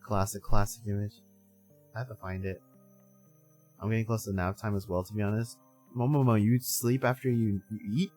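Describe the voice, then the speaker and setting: Young man, sleepy streamer, rambling casual chat, lowish voice, faint music behind. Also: fairly even intonation, normal speed, long pauses, a little mellow. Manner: sleepy, rambling, laughs often. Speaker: streamer host.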